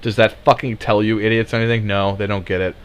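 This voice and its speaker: A man's voice: fairly low pitch, little pitch movement, fast talker, clean tone. A man delivering sarcastic, mocking political commentary, swearing freely as he rants.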